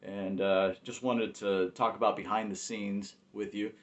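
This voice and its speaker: A man hosting and directing a podcast, interviewing a guest casually with halting, filler-laden questions. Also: fairly low pitch, little pitch movement.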